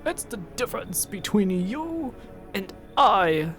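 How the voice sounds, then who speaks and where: An actress voicing a chatty, sly old woman traveller who speaks in a coaxing, sing-song, drawn-out way. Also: medium pitch, very animated, a bit bright, soft background music. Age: older.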